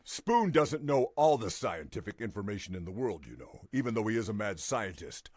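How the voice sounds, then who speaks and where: A man's voice: on the low side, sing-song, moderate pace, a little mellow, breathy edge, dry recording, clean studio sound. A man voicing a goofy male show host who tells corny jokes and laughs at them. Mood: jokey. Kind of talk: comedy double act.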